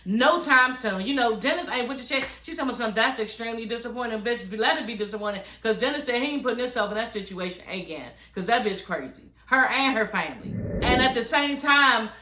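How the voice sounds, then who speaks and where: A woman giving a brash, profane, animated recap of a reality show from her living room. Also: fairly high pitch, fast talker, hardly any pauses. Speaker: recap vlogger. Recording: echoey room.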